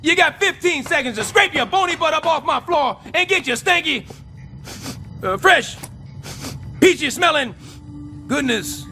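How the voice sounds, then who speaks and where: An actor playing a scheming middle-aged building superintendent in an animated sitcom, sarcastic and overdramatic. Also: male voice, extremely high pitch, unhurried, long pauses, over music.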